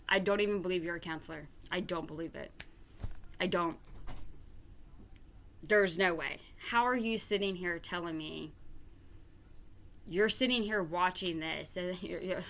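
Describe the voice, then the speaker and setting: A woman ranting through reaction commentary, her voice bright and forceful. She speaks slowly and deliberately. She swears and trips over repeated words as her exasperation builds. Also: on the low side. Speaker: reaction vlogger. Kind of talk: reaction commentary reading viewer comments aloud.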